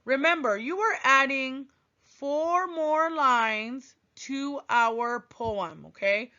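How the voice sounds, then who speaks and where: A woman teaching a writing lesson to young children, thinking aloud with long hums in a gentle, encouraging way. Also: sits high, extremely slow. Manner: gentle, encouraging, sing-song classroom delivery. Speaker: first grade teacher. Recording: dull lo-fi recording.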